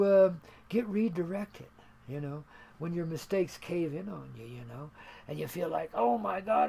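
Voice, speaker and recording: A high-pitched, gravelly older man hosts a homespun radio show. He rambles in a laid-back, folksy drawl and laughs easily at his own jokes. At times he drifts a bit away from the mic. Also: warm tone. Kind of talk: rambling spiritual monologue.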